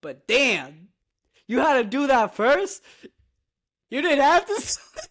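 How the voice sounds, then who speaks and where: Excitable laughing woman, high voice. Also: slow. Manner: excitable, laughing, lots of "bro". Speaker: podcast co-host. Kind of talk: casual chat recapping a cartoon.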